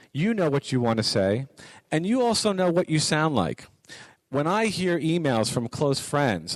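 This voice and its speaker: A man's voice: medium pitch, dry recording. A middle-aged man giving a conversational lecture to college students, repeating his points for emphasis. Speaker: guest speaker on business writing.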